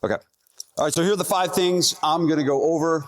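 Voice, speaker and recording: A man giving an energetic conference talk as a gym owner and speaker, talking straight to the audience. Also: on the high side, fast talker, no echo. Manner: energetic, addresses the audience directly. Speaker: gym owner presenting at a fitness event. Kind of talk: live conference presentation. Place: event hall stage.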